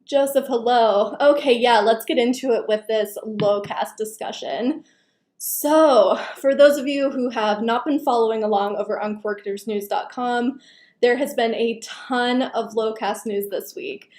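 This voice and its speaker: A woman hosts a casual live Q&A and chats with viewers by name. Her slightly high voice is going hoarse. It is recorded on a computer microphone in an echoey room. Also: unhurried, a little mellow. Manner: chatty, greets viewers by name. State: losing her voice. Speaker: live stream host.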